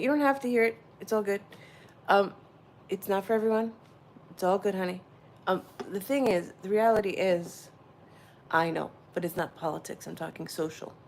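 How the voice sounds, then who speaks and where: A woman hosting a casual spiritual livestream, rambling warmly and answering her viewers' chat directly. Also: mid-range voice, a little hiss or hum. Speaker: livestream host.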